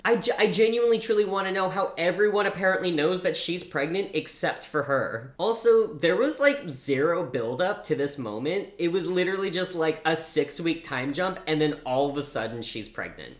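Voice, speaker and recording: A woman's voice: fairly low pitch, expressive, moderate pace, few pauses. A woman reviewing a novel in a casual vlog, sarcastic and incredulous as she picks apart the characters. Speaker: book reviewer. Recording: echoey room.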